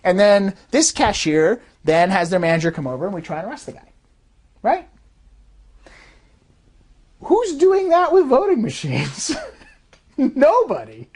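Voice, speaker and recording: Animated woman explaining, lively pitch. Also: a little slow, long pauses. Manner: animated, acts out quoted voices. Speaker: fraud detection systems designer. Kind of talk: explanatory talk.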